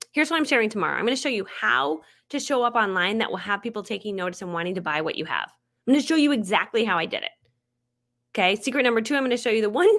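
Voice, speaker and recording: A woman giving a live online marketing training, talking fast and getting excited, with bubbly energy. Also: medium pitch, gravelly.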